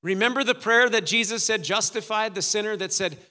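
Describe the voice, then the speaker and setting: High bright-voiced preacher in a reverberant hall. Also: male voice, fairly quick, hardly any pauses. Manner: dramatic, acts out voices of the story's figures. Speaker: pastor. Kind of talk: sermon.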